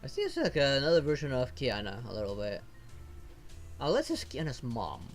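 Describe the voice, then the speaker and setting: A man's voice: medium pitch, wildly swooping pitch, normal speed, faint music behind. A man streaming as a VTuber, casually thinking aloud while he pulls and sorts game rewards. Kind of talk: casual gameplay commentary.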